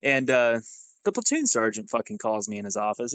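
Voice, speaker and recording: Here a former Army sergeant, a podcast guest, tells casual stories full of profanity, animatedly performing each quoted line. He speaks briskly at a medium pitch on a dry mic with no room sound, and the recording is low quality.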